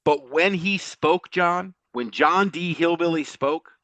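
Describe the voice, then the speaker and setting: Animated storytelling man, dry mic. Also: fairly high pitch, slow pace, no room sound. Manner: storytelling, animated, laughs often. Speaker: podcast co-host. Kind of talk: casual podcast chat.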